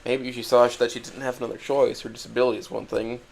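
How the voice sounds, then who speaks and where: A young man reading a first-person story aloud in a quiet, introspective, halting way. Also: mid-range voice, little pitch movement, vocal fry, slight background noise, poor audio. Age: young adult. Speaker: narrator.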